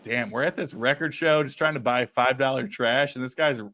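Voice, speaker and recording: A man's voice: mid-range voice, normal speed, pushed and bright. Rambling male podcast host. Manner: rambling, stammers and restarts. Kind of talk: casual podcast chat.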